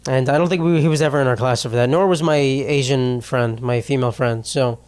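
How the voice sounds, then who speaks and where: A young man hosts a casual solo podcast, rambling and self-deprecating, swearing often and laughing mid-sentence, though he's tearful after a loss. His voice is mid-range and clean, with fairly even intonation, slightly fast and a little mellow.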